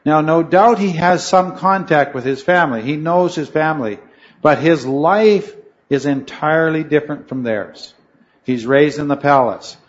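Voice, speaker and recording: A man's voice: fairly high pitch, moderate pace, highs cut off. A man teaching a Bible study class, talking in a rambling way, correcting himself mid-sentence and putting questions to his students. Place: room with a noisy fan.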